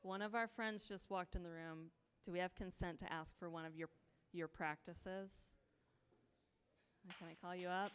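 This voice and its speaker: A woman's voice: fairly low pitch, steady tone, moderate pace, a bit bright, clear, resonant tone. A woman facilitating a sharing circle, speaking in a heartfelt, rhythmic way and inviting others to speak.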